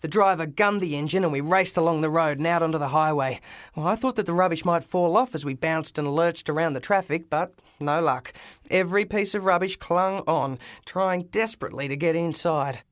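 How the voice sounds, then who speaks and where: A man narrating a first-person audiobook with lively storytelling and shouted dialogue. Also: on the high side, no echo, clean studio sound.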